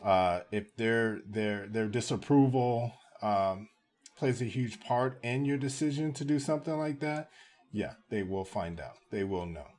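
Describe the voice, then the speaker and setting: A man's voice: lowish voice, expressive, unhurried, a little mellow. Man, reaction commentary, lecturing tone, emphatic repetition. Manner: lecturing, emphatic, repeats points.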